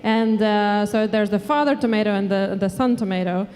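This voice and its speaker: A woman co-hosting a live event, speaking hesitantly with pauses while telling a joke. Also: medium pitch, a little mellow. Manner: hesitant, with many pauses and fillers. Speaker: event co-host. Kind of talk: improvised stage banter. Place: large conference hall on stage. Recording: long reverb in a large hall.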